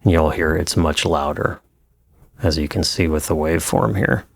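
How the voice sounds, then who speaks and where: Low male voice, unhurried tutor, dry close-miked sound. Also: gravelly, no echo. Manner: relaxed, hesitant with fillers and restarts. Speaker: audio engineer teaching. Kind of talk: screen-recorded tutorial.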